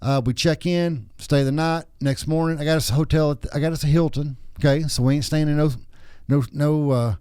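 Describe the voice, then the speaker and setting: A man's voice: on the high side, fairly even intonation, a little fast, a little mellow, clean tone, dry recording, studio quality. A man in his thirties or forties, hosting a podcast with a crude, joking, rambling way of telling stories. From Texas. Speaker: podcast host. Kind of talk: casual chat.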